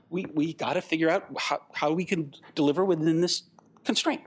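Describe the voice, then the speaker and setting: An older man giving a conference talk, animated and rambling, acting out the voices of the people in his stories. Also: on the high side, brisk, slightly rough. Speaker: guest speaker.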